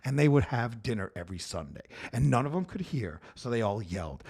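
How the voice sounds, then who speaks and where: A man's voice: medium pitch, quick pace, gravelly, few pauses. A man from Brooklyn hosting a casual comedy podcast, talking in a loose, swearing, restart-heavy way. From Brooklyn, New York. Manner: animated, swears freely, frequent restarts. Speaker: podcast host.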